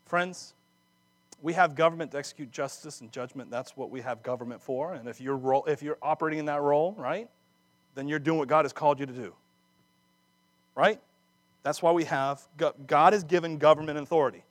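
A man preaching a sermon, acting out scripture dramatically with laughs and quick asides. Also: on the high side, no echo. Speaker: pastor.

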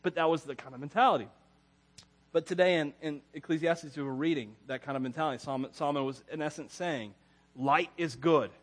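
A man's voice: on the high side, fast talker. A man preaching a casual, conversational sermon as a pastor, rambling through personal stories and chuckling often.

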